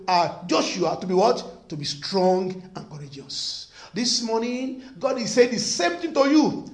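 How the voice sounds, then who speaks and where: With a roomy echo from the echoey room around him, a pastor delivers his sermon emphatically. His voice is strikingly high and animated, swinging widely in pitch, as he repeats phrases over and over and throws questions to the congregation.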